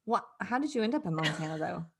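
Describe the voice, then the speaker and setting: A woman's voice: fairly low pitch, animated, fast, vocal fry, slightly rough. A woman hosting a podcast in an upbeat, enthusiastic way, asking her guest questions. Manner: bubbly, enthusiastic. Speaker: podcast host.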